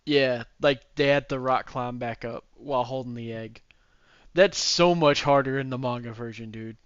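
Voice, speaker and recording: A man's voice: medium pitch, moderate pace, smooth, no echo, dull audio. A man co-hosting a podcast in casual chat, animatedly retelling scenes and acting out characters' lines. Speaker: podcast co-host.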